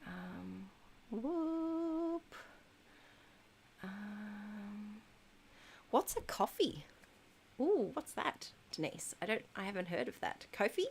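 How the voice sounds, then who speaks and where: A woman's voice: medium pitch, very animated, drawn-out words, pauses often, slight background noise. A woman in her thirties chatting casually on a live stream, reading out viewers' messages with frequent ums and giggles. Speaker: livestream host reading chat.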